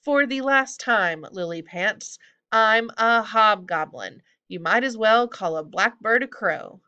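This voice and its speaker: A woman's voice: fairly low pitch, animated, a little slow, muffled recording. A woman voicing a cheeky, rude male hobgoblin who keeps calling people names. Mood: indignant. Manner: loud, whiny, name-calling.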